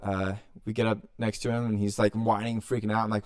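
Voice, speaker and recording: A young man tells a story on his podcast in a smooth, fairly low voice. He swears freely and acts out what everyone said. The sound is close and dry. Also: steady tone, brisk, no echo. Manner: loose and profane, acting out quotes. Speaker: podcast host. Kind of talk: casual storytelling.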